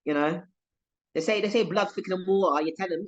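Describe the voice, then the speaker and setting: A woman's voice: a little fast, lo-fi sound. A young woman comedian with a London accent, chatting in a podcast interview and acting out the people in her stories. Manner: animated storyteller, voices quoted people, lively pitch jumps. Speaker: comedian guest.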